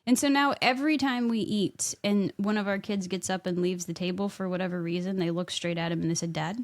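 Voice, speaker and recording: A woman's voice: medium pitch, steady tone, a little fast. A middle-aged woman co-hosting a podcast, telling a story in casual chat and laughing as she goes. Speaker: podcast co-host.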